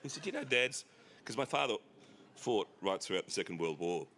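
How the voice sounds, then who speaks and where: Animated Australian man telling stories. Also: sits low, fairly quick, slight background noise. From South East Queensland, Australia. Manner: animated, bursts into shouted impressions and laughter. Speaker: author guest. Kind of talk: storytelling on a festival stage. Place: outdoor festival stage.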